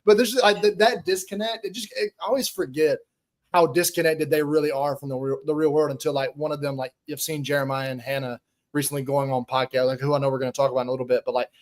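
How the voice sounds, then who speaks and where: Fast-talking rambling male co-host. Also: on the high side, steady tone. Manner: rambling, amused, lots of fillers. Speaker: podcast co-host. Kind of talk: casual recap chat.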